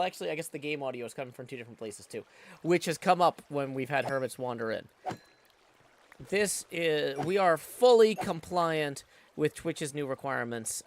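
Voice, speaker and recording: A middle-aged man, chatting casually on a live stream from his home studio, reading chat aloud and humming to himself. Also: on the high side. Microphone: studio XLR mic.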